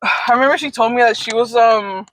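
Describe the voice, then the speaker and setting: A woman's voice: a little high, fairly quick, fairly bright tone, a little hiss or hum. Chatty young woman reacting to gossip. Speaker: co-host. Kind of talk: casual gossip chat. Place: parked car.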